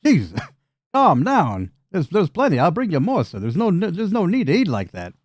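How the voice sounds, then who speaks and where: A man's voice: sits high, huge pitch swings, normal speed, a little mellow, no echo, studio quality, pitched above the performer's own voice, full character voice. A man voicing a huge, cheerful male goblin who serves pizza, speaking in a raised, fluttering voice. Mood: flustered.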